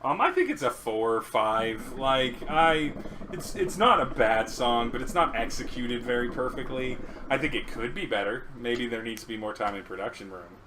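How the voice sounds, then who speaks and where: A man's voice: mid-range voice, expressive, moderate pace, background noise. A man who raps, co-hosting a casual song review, joking, laughing and swearing as he talks. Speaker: co-host reviewing songs; rapper. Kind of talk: casual chat.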